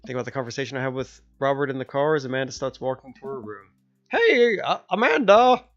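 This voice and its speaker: A man's voice: mid-range voice, flat delivery, rapid-fire. A young man streaming a dating game, joking and narrating as he plays. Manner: jokey, switches between narration and character voices. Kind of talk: voicing a dating game playthrough. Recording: slightly dull lo-fi sound with faint music.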